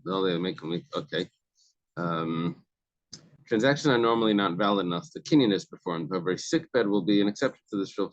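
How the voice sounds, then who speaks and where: A man with a low voice leads a study group. He reads a passage and then explains it in plain words, pausing and restarting often. The sound is close and dry. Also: dry recording, highs cut off. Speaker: Talmud class leader.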